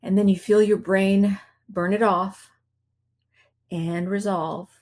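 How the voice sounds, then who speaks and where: A woman coach giving a self-help teaching talk in a calm, reflective way, acting out her own inner voice. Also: mid-range voice, slow. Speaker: marriage coach.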